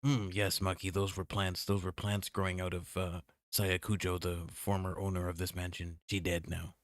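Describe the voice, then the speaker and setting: A man's voice: deep voice, flat delivery, moderate pace, no room sound, studio quality. A man streaming a horror visual novel, reading it aloud with playful joking asides. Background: game music.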